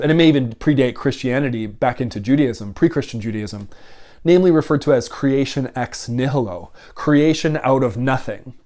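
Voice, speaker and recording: A man's voice: mid-range voice, darkish tone. A seminary professor giving a video lecture, explaining carefully and earnestly, often correcting and restating himself as he goes.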